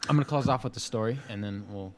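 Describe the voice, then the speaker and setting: A young man co-hosting a casual podcast, telling a story in an animated, laughing way. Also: lowish voice, fast. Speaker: podcast co-host.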